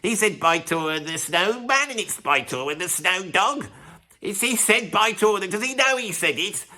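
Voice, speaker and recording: A man's voice: sits high, animated, moderate pace, pushed and bright, pitched above the performer's own voice, exaggerated voice. A man voicing a fussy, pedantic male fan who frets over a misspoken word. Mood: indignant. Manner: fretful, indignant muttering.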